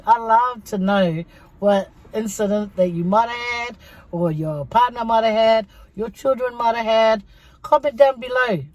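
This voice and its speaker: A woman's voice: medium pitch, darkish tone. A middle-aged woman, chatting casually to her viewers in a mukbang vlog and telling stories. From Samoa. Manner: chatty storytelling, addresses viewers as guys. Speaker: vlogger.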